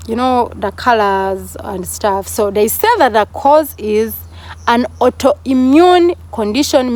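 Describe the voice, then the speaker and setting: Tearful woman vlogger, breaking down. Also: fairly high pitch. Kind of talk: emotional personal vlog.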